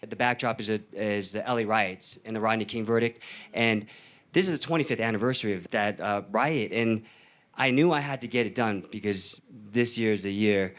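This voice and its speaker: A man's voice: lowish voice, a bit bright. A filmmaker on a panel, telling his story in an earnest, emphatic way. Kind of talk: panel talk.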